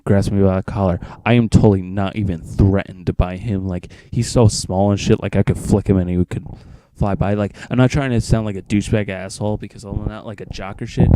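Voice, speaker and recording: Teen vlogger, low mellow voice, rambling profane storyteller, dry close sound. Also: male voice, fairly even intonation, fairly quick, few pauses, a little hiss or hum. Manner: rambling, profane, acts out friends' lines. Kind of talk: casual storytelling.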